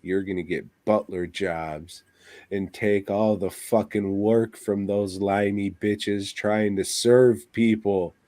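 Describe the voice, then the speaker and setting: Slow, ranting man with a low voice. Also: steady tone, warm tone, no echo. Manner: crude, ranting, swears constantly. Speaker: podcast co-host. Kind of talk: casual profane chat.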